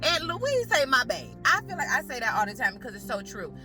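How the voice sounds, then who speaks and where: A woman's voice: high voice, sing-song, a little fast, over music. Chatty laughing woman vlogger. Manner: chatty, laughs often, slangy asides. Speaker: lifestyle vlogger. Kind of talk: casual vlog talk to camera.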